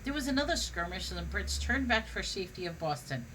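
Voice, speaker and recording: A woman's voice: medium pitch, very animated, fast talker, background noise. A woman reading a humorous history book aloud, now and then stumbling and restarting on a word. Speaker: reader.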